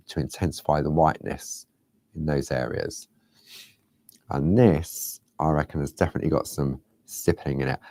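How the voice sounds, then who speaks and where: A chatty man presents a craft demonstration in a low, gravelly voice. His tone is warm and mellow, and the close recording sounds dry. He rambles loosely and now and then drops into a hushed near-whisper. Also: no room sound. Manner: chatty, rambling, drifts into soft whispers and laughs at himself. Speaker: craft show host.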